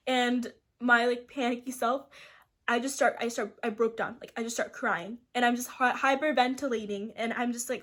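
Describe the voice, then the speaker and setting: A woman's voice: a little high, level tone, moderate pace, fairly bright tone. A young woman from Seattle telling a story to camera in casual storytime style, rambling with lots of "like" and restarts. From Seattle, USA. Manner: rambling, full of "like" fillers and restarts. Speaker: vlogger.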